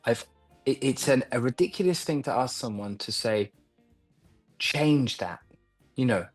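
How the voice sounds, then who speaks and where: A man from London, an actor and acting coach, giving thoughtful interview answers with pauses and restarts over a video call. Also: medium pitch, animated, darkish tone, faint music behind.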